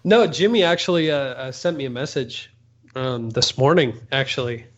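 A man's voice: medium pitch, normal speed. An easygoing man with a mid-range voice tells a story in casual chat, modest about himself. The recording is dull and lo-fi. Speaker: podcast co-host. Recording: muffled lo-fi recording.

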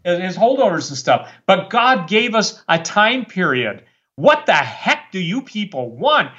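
A man's voice: high voice, big pitch swings, a little slow, pushed and bright, muffled recording. A man speaking as a guest preacher on a talk show, worked up and fiery, rambling with many restarts. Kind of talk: impassioned talk-show monologue.

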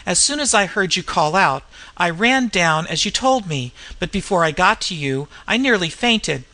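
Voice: mid-range voice, lively intonation, normal speed, bright, forceful tone. A reader voicing a nervous, deferential male railway inspector, eager and fearful. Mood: shaken.

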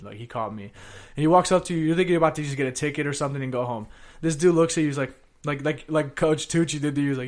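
A man's voice: on the high side, rapid-fire. A young American man co-hosting a casual podcast, rambling and swearing, with a lot of "bro" and "like". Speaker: podcast co-host.

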